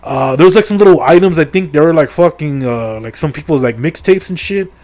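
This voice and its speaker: A man's voice: fairly high pitch, lively intonation, brisk, darkish tone. A middle-aged man casually retelling a video game story, crude and full of swearing and fillers. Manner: crude, profane and joking, with lots of fillers. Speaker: video creator. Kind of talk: casual rambling game recap.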